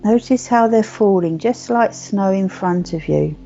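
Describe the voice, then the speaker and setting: A woman talks a group through a guided meditation, her low voice gravelly and unhurried, repeating gentle cues. The sound is dull and lo-fi, with soft music underneath. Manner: slow, soothing, repetitive guidance. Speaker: meditation teacher. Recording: muffled lo-fi recording with faint music.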